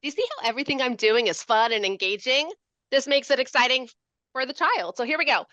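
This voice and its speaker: Woman educator, bright lively voice, dry dull video-call sound, playful demo style. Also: sits high, quick pace, no echo. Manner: animated, playful, asks questions. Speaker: literacy educator. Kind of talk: lively teaching demonstration.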